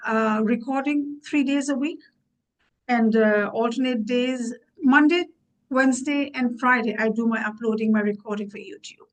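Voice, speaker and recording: A woman in her sixties talking to camera for her vlog, earnest and thinking aloud with frequent pauses and fillers. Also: a little high, fairly bright tone, poor audio. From USA. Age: 60s. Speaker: YouTube vlogger. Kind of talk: casual vlog talk to camera.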